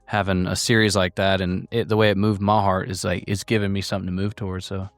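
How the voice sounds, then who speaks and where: A man's voice: deep voice, little pitch movement, fast talker, no echo. A man on a podcast, speaking earnestly and affirming the hosts in casual chat. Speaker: podcast guest.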